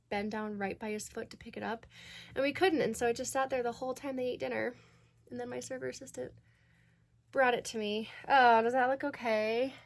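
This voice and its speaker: Woman, vlogger, casual get-ready chat, rambling, bubbly, a bit high-pitched.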